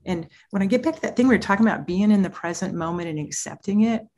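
A woman speaking as a child therapist and parent coach in an interview, talking in an animated, earnest and emphatic way. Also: medium pitch, fast. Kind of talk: interview conversation.

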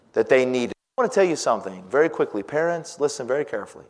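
A middle-aged man preaching a sermon, swinging from loud emphatic lines to hushed, near-whispered ones and quoting scripture in old-fashioned wording. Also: medium pitch, animated, quick pace, hardly any pauses. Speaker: pastor. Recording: long hall reverb.

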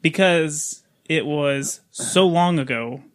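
A man's voice: fairly high pitch, takes it slowly. A man hosting a casual podcast chat, loose and self-mocking, laughing often and stumbling over hard names. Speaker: podcast host.

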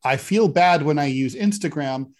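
A man co-hosting a political talk podcast in a casual, sardonic way. His voice sits a little high for a man, and his jokes land deadpan. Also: normal speed. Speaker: podcast co-host.

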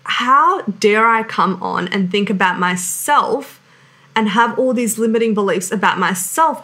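A woman's voice: a little high, a bit bright. A woman in her thirties, a sales coach, giving an earnest, emphatic motivational business talk full of "like". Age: 30s. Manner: earnest and emphatic, heavy use of "like".

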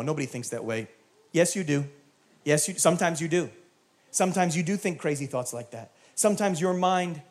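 High-voiced man preaching with fiery energy. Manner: animated, builds to shouting climaxes, acts out dialogue. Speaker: pastor. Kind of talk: sermon.

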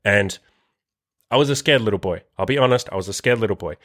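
A man's voice: on the low side, fast, fairly bright tone, dry recording, clean studio sound. A young man vlogging, telling a story casually with lots of filler words and swearing. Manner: profane, filler-heavy, lots of "like".

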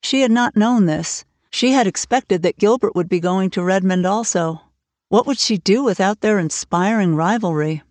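A woman narrating a classic novel aloud in a steady, clear storytelling manner. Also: mid-range voice, moderate pace, dry recording. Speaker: audiobook narrator. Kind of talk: scripted narration.

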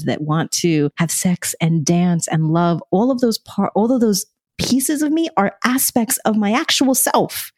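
A woman co-hosting a podcast, telling a personal story in an expressive way and acting out remembered dialogue. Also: on the low side, no room sound, clean studio sound. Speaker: podcast co-host.

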